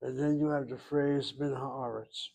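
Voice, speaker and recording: A middle-aged man teaching Hebrew in a classroom lecture, thinking aloud and pausing to search for terms. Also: mid-range voice, fairly even intonation, creaky, a little mellow.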